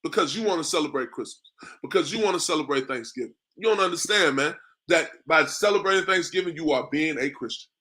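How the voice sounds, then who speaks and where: A man gives a street sermon in a bright, slightly high voice. His talk is loose and repetitive, full of "man" and "bro". He keeps checking in with his listeners. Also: fast talker. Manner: repetitive, asks "you understand me?" often; conversational, drops in "man" and "bro". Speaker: street preacher.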